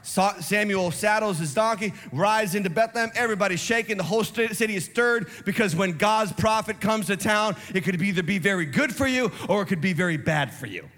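A man preaching a sermon as lead pastor, telling Bible stories in an animated, acted-out way. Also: sits high, a little fast, hardly any pauses. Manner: animated storytelling, acts out Bible scenes. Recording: long reverb of a large church hall.

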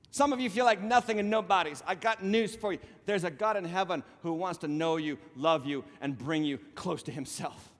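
A middle-aged male pastor preaching a sermon in an animated, joking way, with sarcastic asides. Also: sits high, in a large hall. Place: church sanctuary.

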